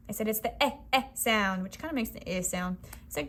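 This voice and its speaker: Chatty young teacher woman, higher voice. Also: a little fast. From Florida. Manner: acts out classroom dialogue in a bright teacher voice; loose and chatty, with many fillers. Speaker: first grade teacher. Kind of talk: casual teaching vlog walkthrough.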